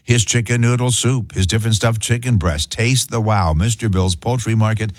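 A man's voice: fairly low pitch, brisk, dry recording, studio quality. A man hosting a talk radio show, speaking emphatically with rhetorical questions.

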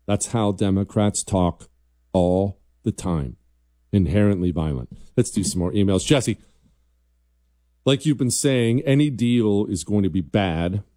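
A man's voice: lowish voice, warm tone, no room sound, studio quality. Combative male political commentary host. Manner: combative, emphatic.

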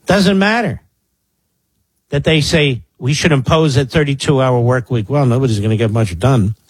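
Sarcastic talk radio guy in his 60s, philly-raised, husky voice, dead dry studio sound. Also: mid-range voice, normal speed, no echo. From Philadelphia area, US. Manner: sarcastic, mocking asides to his producer. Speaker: radio talk show host. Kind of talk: political talk radio commentary.

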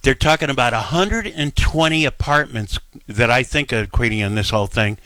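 Bright-voiced male radio host. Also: medium pitch, animated, no echo. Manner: brisk, jokey, chats freely with callers. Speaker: radio talk show host. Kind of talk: call-in radio chat.

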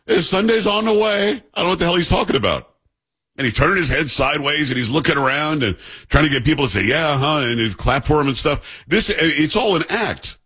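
Blunt man with a husky voice. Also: medium pitch, bright, forceful tone. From New York. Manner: blunt, sarcastic, conversational. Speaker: host. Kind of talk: political commentary.

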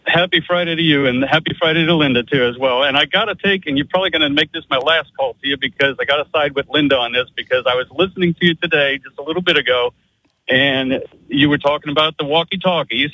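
A man's voice: a little high, fast, lo-fi sound. A man calling a radio show, friendly and teasing, with a slight Pennsylvania accent. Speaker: caller.

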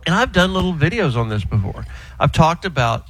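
Male regular, middle-aged, animated joking drawl, slightly high voice. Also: a little fast, poor audio. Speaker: car show regular calling in. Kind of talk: casual radio chat by phone. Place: house with sleeping roommates.

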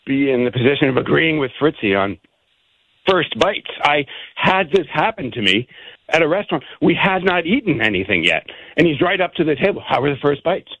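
A man's voice: a little high, sing-song, brisk, fairly bright tone, slightly rough, no echo. Male radio caller, dull phone line.

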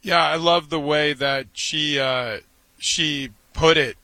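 A man's voice: on the high side, steady tone, slow pace, pushed and bright, no echo, low-quality recording. A man co-hosting a sports talk show, speaking casually in an earnest, emphatic way.

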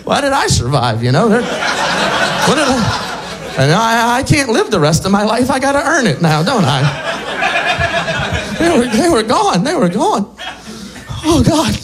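A man doing a stand-up set, dark deadpan humor, laughing at his own jokes. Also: very high voice, unhurried, long pauses, heavy background noise. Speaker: stand-up comedian.

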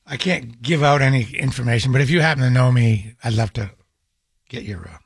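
A man's voice: medium pitch, brisk, gravelly, husky, no room sound, studio quality. A middle-aged man hosting a call-in radio show, talking casually with many fillers and restarts, and firing off exasperated rhetorical questions. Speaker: radio talk show host.

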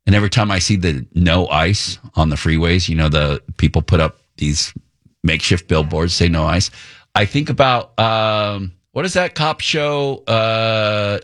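Male morning radio host, slightly low voice, dry close studio sound, loose and wry banter. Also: measured pace, a bit bright, no room sound. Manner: wry, rambling, chuckling asides. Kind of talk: casual radio talk. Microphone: studio microphone.

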